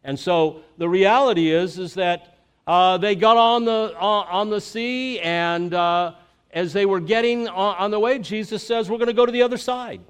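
A middle-aged man from Florida, giving a conversational sermon as pastor, halting with many fillers and restarts. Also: sits high, clear, resonant tone.

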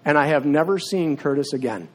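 Fairly high-voiced man preaching a sermon. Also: expressive, brisk. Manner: conversational storyteller, drops to a low hushed voice in prayer. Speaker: teacher. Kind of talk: sermon with personal storytelling and prayer. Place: church sanctuary with seats. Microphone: filmed on camera while preaching.

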